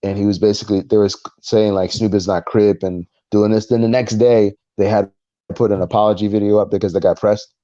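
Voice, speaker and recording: A man co-hosting a casual podcast chat, recounting a story in an animated way and acting out the voices of the people in it. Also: on the low side, fairly quick, dry recording, muffled recording. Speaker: podcast co-host.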